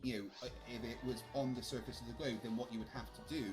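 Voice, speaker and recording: A man of middle pitch speaks hesitantly in a casual debate. He restates the other side's point to check it and says sorry often, with loud game music playing behind him. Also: steady tone, quick pace. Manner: hesitant, checks understanding, apologetic. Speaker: debate participant.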